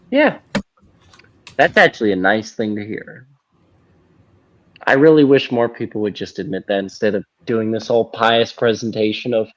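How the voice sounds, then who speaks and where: A man's voice: normal speed, fairly bright tone. A young man hosting a podcast, reacting to a video in casual commentary and mocking preachers with exaggerated voices. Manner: mocking, jumps into high mock-preacher voices. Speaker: podcast host. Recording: dull lo-fi audio.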